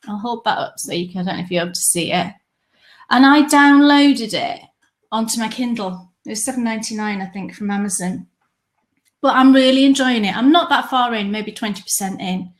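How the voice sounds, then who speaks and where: A woman's voice: on the high side, fairly quick. A woman co-hosting a live podcast show, chatting casually and telling stories with enthusiasm. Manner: chatty, enthusiastic, animated storytelling. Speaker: podcast co-host. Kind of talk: casual chat. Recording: live stream from home.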